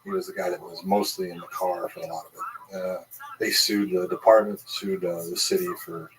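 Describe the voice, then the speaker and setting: A man with a very deep voice speaks as a former police officer. He recalls past cases calmly and matter-of-factly, sitting well away from the microphone. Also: a little fast, background noise. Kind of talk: casual conversation. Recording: distant microphone.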